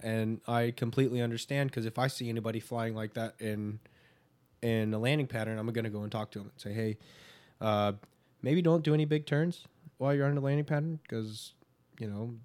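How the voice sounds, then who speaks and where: A man's voice: fairly low pitch, darkish tone. A young adult man, a guest in a casual chat, telling stories in a laid-back, profane way.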